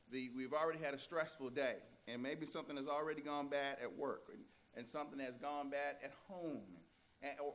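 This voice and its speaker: A man preaching a sermon, telling a folksy story and animatedly laughing along with it before turning to scripture. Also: fairly high pitch. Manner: folksy, many fillers and restarts. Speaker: pastor.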